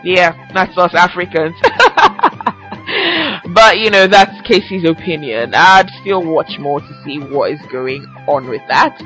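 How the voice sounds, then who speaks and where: Bright, teasing young woman podcast host. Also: lowish voice, a little slow, few pauses, soft background music, poor audio. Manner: chatty and teasing, laughs often. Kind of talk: casual solo podcast chat.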